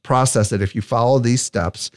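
A man's voice: mid-range voice, moderate pace, no echo, studio quality. A male podcast host, enthusiastic and conversational, who often checks in with "right?". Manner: enthusiastic, keeps saying "right?". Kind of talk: podcast interview.

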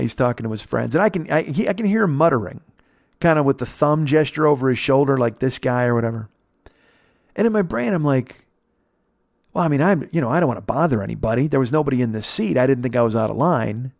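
A man telling a casual, profane story on a podcast, jumping up in pitch to mimic the people in it. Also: a little fast, creaky, no room sound, studio quality. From United States. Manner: animated, profane, mimics others with pitch jumps. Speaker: podcast host.

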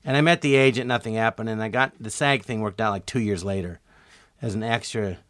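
In a casual storytelling interview, a middle-aged guest comedian speaks a little fast in a lowish voice. He's animated and performs the voices he quotes, and the studio-quality sound has no echo.

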